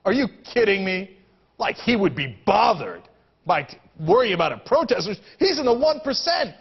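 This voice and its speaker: Male host, sarcastic and fired up, high voice that swings wide, slightly muffled lo-fi recording. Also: sing-song, normal speed, vocal fry. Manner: sarcastic and indignant, mocking in asides. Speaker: political commentary host. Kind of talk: heated political commentary.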